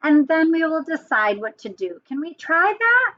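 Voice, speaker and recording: A woman teacher giving a children's lesson, speaking gently and often checking in with a question. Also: sits high, very animated, moderate pace, highs cut off. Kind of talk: children's lesson and storybook reading.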